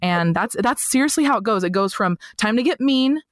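A woman's voice: a little high, fairly quick, slight background noise. A woman guest in a casual interview, talking animatedly and filling her stories with "like" and playful voices. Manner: chatty, animated storyteller full of "like" who slips into comic voices. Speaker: podcast guest.

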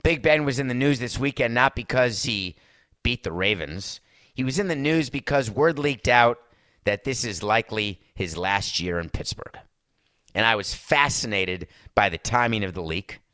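A man's voice: mid-range voice, normal speed, bright, forceful tone, dry recording, studio quality. A man hosting a podcast in casual chat, rambling and sarcastic as he reviews a movie and talks to his listeners as folks. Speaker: podcast host.

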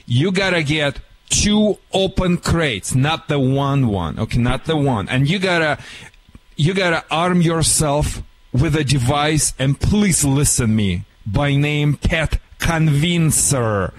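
A man with a Russian accent giving animated, theatrical dog-training advice on a radio show in broken English. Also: fairly high pitch, takes it slowly.

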